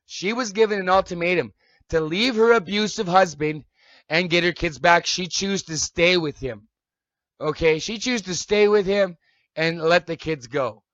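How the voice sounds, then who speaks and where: A man rants on a live stream in a high voice, cursing and firing off accusations. His tone is sharp and strained. The dry sound comes through a dull, lo-fi mic. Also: normal speed, no echo. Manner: heated, accusatory, repeats "okay?". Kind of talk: angry profane rant.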